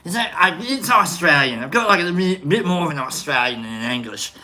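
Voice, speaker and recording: A man's voice: a little high, expressive, a little fast, bright, forceful tone. A man doing a hammy, joking mock English-Australian accent while chatting to viewers on a livestream. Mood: jokey. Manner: joking, rambling, reading out viewer names.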